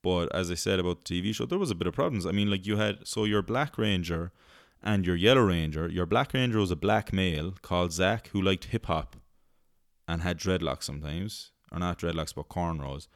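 Man, podcast host, very low voice, rambling casual chat, swears freely, laughs a lot. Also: a little fast, vocal fry, dry recording, clean studio sound.

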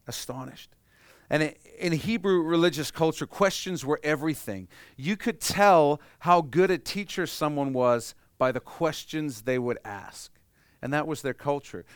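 A man preaching a sermon in a conversational way, moving between quiet, hushed stretches and loud, animated ones. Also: medium pitch, smooth, dry recording. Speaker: pastor.

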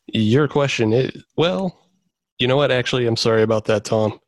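A man runs a relaxed trivia game, reading out questions and handing down rulings in a dry, close voice. He speaks at an ordinary middle pitch and laughs along with the players. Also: normal speed, no room sound. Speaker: quiz host. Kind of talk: hosting a casual trivia game.

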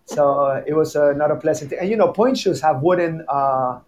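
Guy telling tango class stories, laughs a lot, kinda high voice, stumbles and repeats words. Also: brisk, slight background noise. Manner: animated storyteller, laughs often, repeats words. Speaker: tango teacher and guest. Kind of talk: casual chat.

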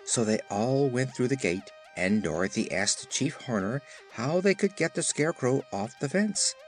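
A man narrating an audiobook with expressive storytelling. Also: medium pitch, normal speed, soft background music. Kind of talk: scripted narration.

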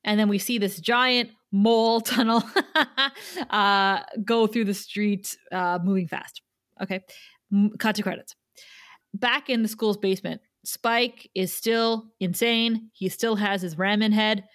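A woman's voice: mid-range voice, fairly even intonation, no echo, studio quality. A woman co-hosting a podcast, casually recapping an episode with chatty asides. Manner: chatty retelling, quick asides. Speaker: podcast co-host.

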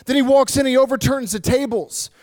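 Man, pastor, high voice, animated dramatic sermon, church stage. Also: fairly quick.

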